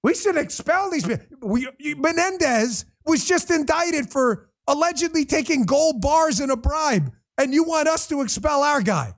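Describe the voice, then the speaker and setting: A man's voice: very high voice, animated, normal speed, few pauses. A man hosting a political livestream, ranting bluntly and profanely and talking straight to viewers in the chat. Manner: addresses viewers in the chat directly. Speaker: political commentary host. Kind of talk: livestream commentary rant.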